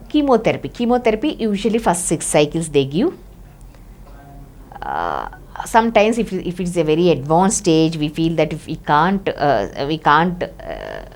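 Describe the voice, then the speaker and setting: Low-voiced doctor, hesitant delivery. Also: female voice, a little mellow. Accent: Indian English. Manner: hesitant, restarts with many fillers. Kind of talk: explaining a medical topic to camera.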